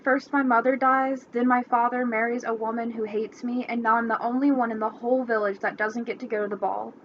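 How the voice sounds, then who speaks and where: A woman's voice: on the high side, fairly even intonation, brisk, lightly acted. A woman voicing Cinderella, a sad, lonely young woman who talks tearfully and pleads, in a slightly muffled recording with faint hiss.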